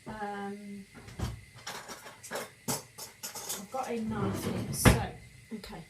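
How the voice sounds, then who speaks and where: Casual woman, cooking vlog, self-deprecating, meandering, sniffing, home kitchen, loud sizzling. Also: medium pitch, flat delivery, extremely slow, heavy background noise. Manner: rambling, self-deprecating, many fillers and restarts. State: sniffing, eyes watering from onion.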